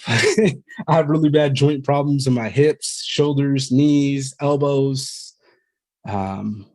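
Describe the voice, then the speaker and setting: A man's voice: mid-range voice, takes it slowly, a little mellow. A man in his thirties, a podcast guest who talks candidly and at length, rambling a bit and swearing freely. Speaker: podcast guest, Marine veteran. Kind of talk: casual conversational storytelling.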